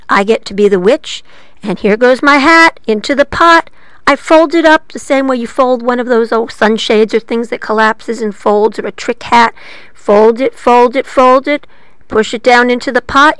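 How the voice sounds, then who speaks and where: A woman librarian telling a story to children, playful and lively, asking her listeners questions as she goes. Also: on the high side, moderate pace, clear, resonant tone, dry recording.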